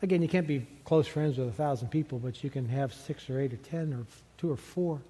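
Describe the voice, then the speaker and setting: A middle-aged man preaching a sermon as pastor, conversational and animated, chuckling now and then. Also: medium pitch, fairly quick. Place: large church sanctuary. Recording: long hall reverb from a church sanctuary.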